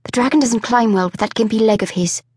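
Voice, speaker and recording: A woman voicing a grim, cautious male elf warrior who speaks low and resigned, often near a whisper. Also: quick pace, a little mellow, slightly rough, no echo.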